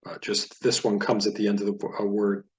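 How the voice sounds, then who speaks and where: A man's voice: on the low side, little pitch movement. Patient man teaching Hebrew reading. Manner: patient, explanatory, repeats words slowly for learners. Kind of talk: reading practice lesson.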